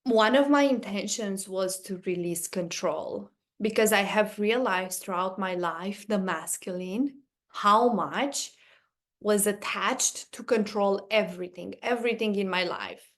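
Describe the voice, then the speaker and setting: Earnest woman host telling a personal story. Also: mid-range voice. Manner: earnest and animated, quick bursts when excited. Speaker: podcast host.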